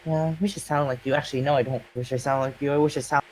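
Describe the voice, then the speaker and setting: A man's voice: mid-range voice, fairly even intonation, rapid-fire, a little mellow, a little hiss or hum, poor audio. A man bantering casually on a stream, teasing and swearing freely. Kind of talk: casual chat.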